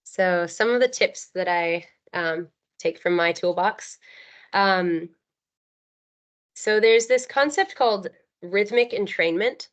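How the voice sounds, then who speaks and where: A woman's voice: mid-range voice, slow pace. A woman in her thirties, an occupational therapist, giving an earnest webinar talk with many ums and you knows. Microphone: video call. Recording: dull lo-fi video call audio.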